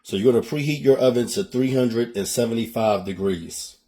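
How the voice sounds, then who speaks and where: A man's voice: medium pitch, normal speed, mellow. A man with a Philadelphia accent hosting a cooking show, talking viewers through a recipe in a chatty, casual way and calling them "y'all.". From Philadelphia, USA.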